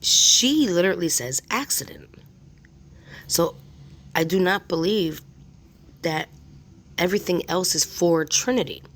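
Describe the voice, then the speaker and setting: A woman's voice: fairly low pitch, lively intonation, measured pace, long pauses, a bit bright, slight background noise. A woman hosting a spirit box session, thinking aloud in a hesitant, musing way. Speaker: host.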